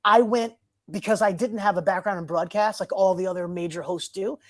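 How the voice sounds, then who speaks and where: A man guesting on a podcast tells his story with lots of energy, racing ahead and then doubling back to fill in what he skipped. His voice is recorded close and dry, with no room echo. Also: sits high. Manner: animated, rushes ahead and backtracks. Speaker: guest, TV host. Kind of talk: casual storytelling interview.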